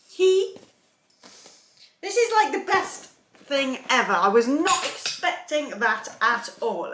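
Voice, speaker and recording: A woman's voice: mid-range voice, fairly bright tone, echoey room, a little hiss or hum. A woman vlogging as she unboxes a gift, chatting casually, gushing and laughing often. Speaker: soap maker vlogger.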